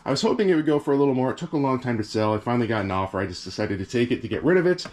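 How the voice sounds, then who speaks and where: A man's voice: medium pitch, lively intonation, very fast, a little mellow, slight background noise. Chill canadian guy talking resale stuff out in his shed, kinda rambly, lots of ums. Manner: easygoing, rambling, frequent fillers. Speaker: reseller vlogger. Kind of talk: casual vlog chat. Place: cold backyard shed with heater.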